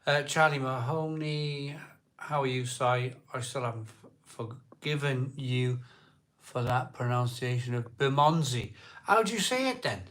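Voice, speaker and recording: A man's voice: medium pitch, unhurried, fairly bright tone. A middle-aged man from South Wales with a Welsh accent, casually chatting on a live beer-drinking stream and answering viewers' comments in a jokey way.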